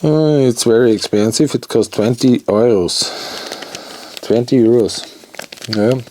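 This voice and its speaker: A man talking himself through an electronics repair at his workbench, in halting English and muttering as he works. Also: medium pitch, dark tone, a little hiss or hum.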